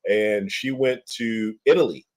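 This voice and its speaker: A man with a low voice co-hosts a relaxed chat. He speaks slowly, pauses and gropes for words. He sounds easygoing rather than polished. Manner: slow, halting, searching for words. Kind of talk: casual chat on a livestream.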